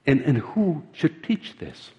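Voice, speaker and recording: Older male preacher, halting and earnest. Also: on the high side, very animated, a little mellow. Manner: halting, repeats words, earnest storytelling. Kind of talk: sermon. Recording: dull sound in a large reverberant hall.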